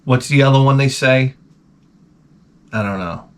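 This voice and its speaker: A man's voice: medium pitch, unhurried. A man hosting his channel, telling rambling comic stories full of swearing and muttered asides. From United States. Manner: profane, animated, drops to mutters for asides. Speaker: channel host. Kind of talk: rambling comedic storytelling.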